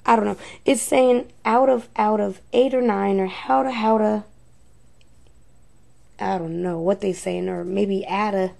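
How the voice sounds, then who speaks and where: A woman's voice: medium pitch, creaky, warm tone. A woman reviewing ghost recordings, thinking aloud in a hesitant, unsure way. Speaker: paranormal investigator.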